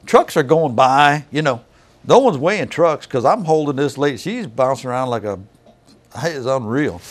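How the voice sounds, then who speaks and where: Folksy middle-aged man telling stories. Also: mid-range voice. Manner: folksy, acts out dialogue in others' voices. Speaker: weigh station inspector. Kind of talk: casual storytelling.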